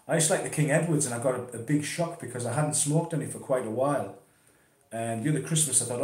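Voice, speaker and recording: An easygoing man chats loosely at a mid pitch, dropping the odd curse word. He sounds relaxed, as if talking at home. His voice rings in a hard, echoey room. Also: fast. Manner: chatty, laid-back, swears casually. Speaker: interviewee talking about pipe smoking. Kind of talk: casual chat. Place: conservatory at home.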